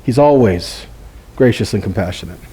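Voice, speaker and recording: A man's voice: fairly low pitch, lively intonation, moderate pace, warm tone, breathy edge. A man giving an informal sermon teaching, conversational and full of rhetorical questions and chuckling asides. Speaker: Bible teacher.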